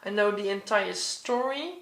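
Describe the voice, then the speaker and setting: A woman giving a reflective commentary as she flips through her art journal, soft-spoken and hesitant, with many ums and restarts. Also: mid-range voice, measured pace, gravelly, echoey room.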